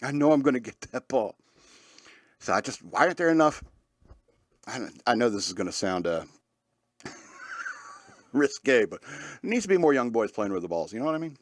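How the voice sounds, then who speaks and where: A man's voice: medium pitch, huge pitch swings, normal speed, long pauses, dry recording. A man hosting a talk radio show, rambling in a casual monologue with lots of fillers and frequent laughs.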